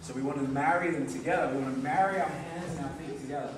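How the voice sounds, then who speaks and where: A karate instructor teaches a seminar, demonstrating moves and checking in with the group. He talks fast in a voice on the high side, with a noisy background, recorded from far off in an echoey hall.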